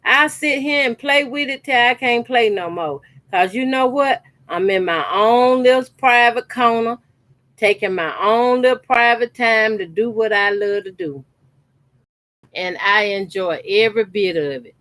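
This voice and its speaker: A slightly high, slightly slow, somewhat bright female voice in a dry recording. She's a sewing channel host chatting casually to viewers while cutting fabric scraps for a quilt in her home sewing corner, in an emphatic, repetitive way.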